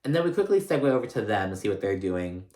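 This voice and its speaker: A man's voice: lowish voice, big pitch swings, quick pace, a little mellow, echoey room. A man recapping a reality show in a casual, rambling, sassy way, full of fillers. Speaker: recap host.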